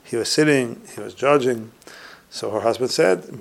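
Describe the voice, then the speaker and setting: Male Torah teacher, gravelly mid-range voice, retells Talmud stories and often trails off quietly. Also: medium pitch, moderate pace. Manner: retells Talmud stories, reciting Hebrew and Aramaic phrases and then translating. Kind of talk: recorded Torah class on humility.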